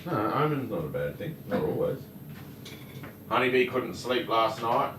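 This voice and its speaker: A man's voice: mid-range voice, big pitch swings, a little slow. A man co-hosting a casual livestream, greeting viewers by name and teasing his co-host. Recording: echoey room, mic far off, faint noise.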